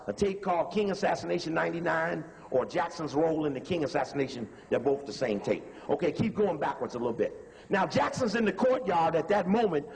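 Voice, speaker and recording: Brief: man with a high voice, emphatic lecture commentary on footage, reverberant hall. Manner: conversational, emphatic, repeats instructions to pause the tape. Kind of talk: lecture commentary over video clips.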